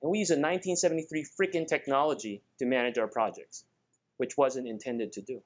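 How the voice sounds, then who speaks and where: A man from the Philippines with a Filipino accent, giving a lively, joking conference presentation and talking straight to the audience. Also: medium pitch, fast talker, highs cut off. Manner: energetic, joking, addresses the audience directly. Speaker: conference speaker. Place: conference room.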